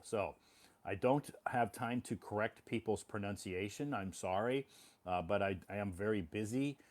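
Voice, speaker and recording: Low-voiced man speaking plainly to learners. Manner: plain and repetitive, apologetic. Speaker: English teacher for learners. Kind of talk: casual spoken monologue for English learners.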